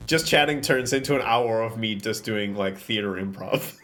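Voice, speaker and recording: A man's voice: on the low side, normal speed, fairly bright tone, faint music behind. A man streaming live, chatting casually while setting up an avatar, often slipping into playful theatrical bits.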